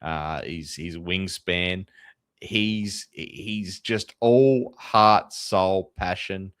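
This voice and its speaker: A man's voice: sits low, extremely slow, fairly bright tone, clean tone, dry recording. An Australian man hosting a casual sports podcast, chatty and openly a fan. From Tasmania, Australia. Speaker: podcast host.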